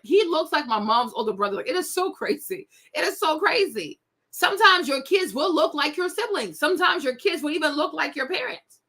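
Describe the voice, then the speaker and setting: Her voice sits high and a bit bright as this young gossip-show host dishes on celebrities. She talks casually and straight to viewers, sounding sassy and indignant.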